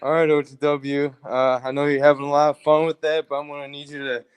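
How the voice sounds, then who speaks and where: A man calling in to a casual chat, joking around with a ready laugh. His voice is smooth and resonant. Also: a little high, level tone, quick pace.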